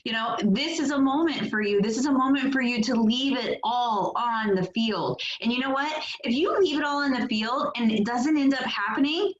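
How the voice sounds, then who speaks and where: A woman's voice: a little high, animated, moderate pace, hardly any pauses. A woman directing a sales team on a motivational call, upbeat and chatty, laughing often and using lots of fillers. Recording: echoey, dull lo-fi call audio.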